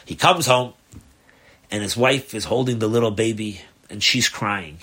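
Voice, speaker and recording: Rabbi telling a story in class. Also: male voice, lowish voice, a little slow, breathy edge. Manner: animated storyteller, acts out voices, chuckles at his own story. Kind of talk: storytelling in a religious lesson.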